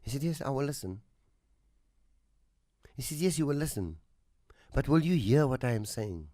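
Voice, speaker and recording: A man hosting a radio talk show, telling a moral story in a slow, earnest way that drops to a soft hush at its tender moments. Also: mid-range voice, animated, no echo, clean studio sound. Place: radio studio.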